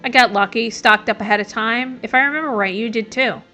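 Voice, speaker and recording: A woman's voice: a little high, fairly quick, sharp tone, soft background music. A woman voicing a weary neighbor who shelters strangers, in a plain, resigned matter-of-fact reading.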